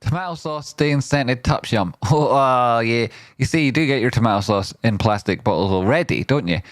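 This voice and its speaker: A man hosting a live trading stream, riffing playfully in rambling chat and often jumping into a high silly voice. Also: expressive, moderate pace, dry recording. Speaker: trading livestream host.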